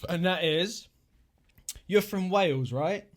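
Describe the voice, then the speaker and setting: A man's voice: high-pitched, slow. A man with a southern English accent hosting a casual podcast, upbeat and prone to playful repetition. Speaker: podcast host. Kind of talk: casual chat.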